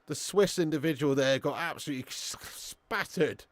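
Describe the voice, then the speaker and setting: Man, high voice, dry sound, excitable, sweary live football watch-along chat. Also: normal speed, dry recording. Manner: excitable, swearing, chatty with viewers. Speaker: live stream host.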